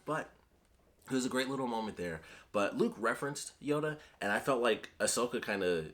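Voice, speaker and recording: A man talking casually and excitedly as a video reviewer, rambling and trailing off, with the odd swear word. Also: medium pitch, brisk. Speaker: YouTube reviewer.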